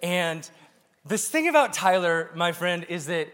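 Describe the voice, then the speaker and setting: A man preaching a sermon to a congregation, animated and joking with the audience. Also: sits high, measured pace, clear, resonant tone. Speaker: pastor. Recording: long reverb of a large hall.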